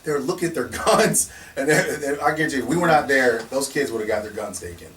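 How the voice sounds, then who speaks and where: A man with a mid-range voice, speaking fairly quickly, shares anecdotes as the founder of a security company, animated and laughing as he restarts often and imitates what people said. The casual conversation is captured on a distant mic with faint noise.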